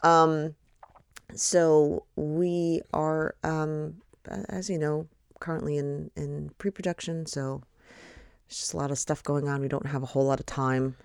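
A woman hosting a podcast with a raspy, tired voice, chatting casually and rambling with lots of fillers. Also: low-pitched, little pitch movement, a little slow, dry recording, clean studio sound. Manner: rambling, hesitant, many fillers. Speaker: podcast host. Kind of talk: casual chat.

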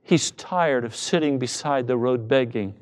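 A middle-aged male pastor preaching a sermon with passion, now and then bursting into shouted quoted voices. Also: medium pitch, measured pace.

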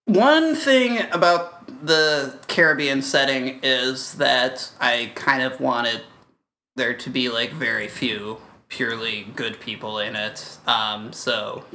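A man guest pitching a story on a comedic podcast, halting with restarts and constant fillers. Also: pushed and bright, slight background noise.

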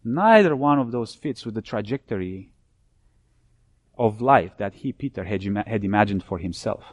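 A man preaching a sermon, building his points through repeated phrases and dropping low and soft when he cites scripture. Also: lively intonation, normal speed, no echo.

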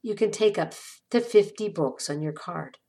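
A woman voicing a patient male library worker who answers in a gentle, reassuring way. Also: medium pitch, moderate pace, creaky, natural voice.

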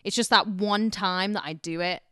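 A woman's voice: mid-range voice, steady tone, moderate pace, pushed and bright, no room sound, clean studio sound. A woman co-hosting a podcast in casual chat, chatty and laughing often. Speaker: podcast co-host.

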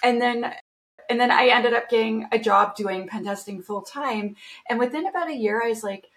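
A middle-aged woman, a guest on a podcast, tells her career story in a bright, chatty way. She is upbeat and expressive, laughing often and slipping into quick quoted asides. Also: on the high side. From Canada. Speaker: guest, security founder. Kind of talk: casual storytelling interview.

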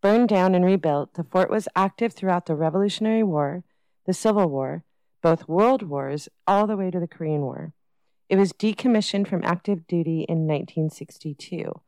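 Female podcast host reading her script, smooth, mellow tone, dry studio sound. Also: fairly low pitch, normal speed, no echo, poor audio. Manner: reads a prepared script.

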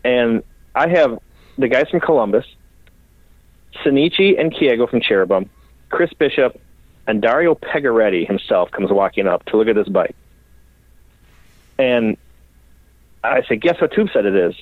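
A bike builder from Minnesota telling animated, profane stories in a casual interview. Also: male voice, mid-range voice, a little slow, pauses often, no echo. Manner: animated, profane, rambling storyteller. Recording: tinny phone-like line.

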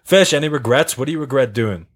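A man's voice: medium pitch, lively intonation, quick pace. A man hosting a podcast in casual chat, joking and rambling, often breaking into laughter. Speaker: podcast host.

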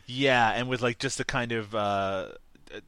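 A man's voice: medium pitch, measured pace, a bit bright, smooth. A man co-hosting a casual movie podcast, recapping scenes and laughing often. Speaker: podcast co-host. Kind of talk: casual movie-review chat.

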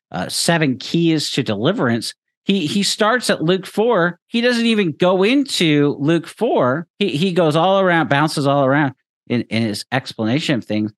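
A man's voice: a little high, no room sound. A man hosting a show, giving emphatic critical commentary, repeating his points and speaking straight to the person he criticizes. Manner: emphatic, repeats himself, addresses the preacher directly. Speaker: host.

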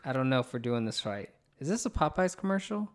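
A man's voice: medium pitch, very animated, quick pace. A man hosting a podcast in casual chat, upbeat and laughing often, with frequent fillers. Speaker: podcast host.

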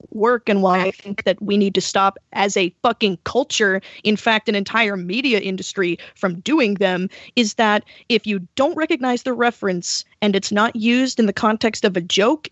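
A woman's voice: medium pitch, no echo. Ranting swearing woman, podcast co-host, casual chat, dull lo-fi sound, dry. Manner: profane, ranting.

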